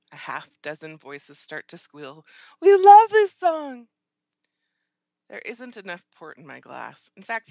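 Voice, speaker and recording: A woman's voice: low-pitched, gravelly, pushed and bright, no echo. A woman narrating a first-person audiobook in an acerbic, scornful, theatrical manner.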